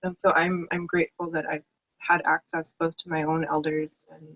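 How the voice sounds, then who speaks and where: A woman's voice: low voice, flat delivery, normal speed, a bit bright, no echo, lo-fi sound. A woman speaking on a webinar panel as a book contributor, earnest and heartfelt, over a video call. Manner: earnest, heartfelt, tearful at times. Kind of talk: emotional webinar panel talk.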